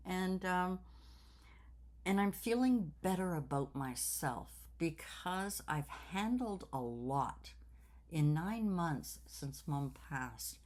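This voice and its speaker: Older woman, low voice, unhurried, thoughtful chat, lots of ums and repeats. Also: darkish tone. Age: 60s. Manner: slow, reflective, many fillers and repeats. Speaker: craft channel host. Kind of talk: personal vlog chat.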